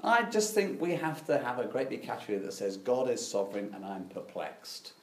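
A man's voice: mid-range voice, big pitch swings, a little fast, echoey room. A middle-aged man preaching a sermon, telling stories with dry, self-deprecating irony.

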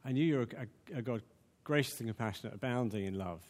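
A man's voice: mid-range voice, fast, a little mellow, long reverb tail. A man preaching a conversational sermon, full of fillers and restarts.

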